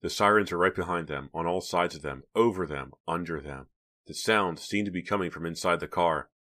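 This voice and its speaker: A male audiobook narrator with an extremely deep voice. He tells the story at a steady, even pace in a scripted reading style. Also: brisk.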